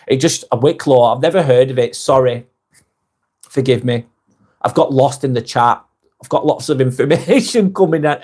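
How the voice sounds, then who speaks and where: A man hosting a live vlog, chatting casually and reading viewers' comments aloud, with frequent "um"s and quick apologies. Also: on the high side. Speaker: live-stream host.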